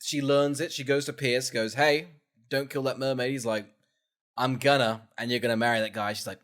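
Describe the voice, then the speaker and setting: A British man co-hosting a podcast, retelling a film's plot in casual chat, laughing often and dropping in quick mock quotes. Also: medium pitch, steady tone, a bit bright. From Britain. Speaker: podcast co-host.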